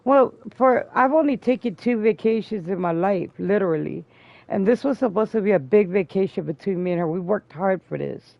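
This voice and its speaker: A woman's voice: lively intonation, normal speed, creaky, no room sound. A woman host telling a long story in casual chat, swearing freely. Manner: profane, loud and high when quoting people. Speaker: streamer host. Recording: dull lo-fi stream audio.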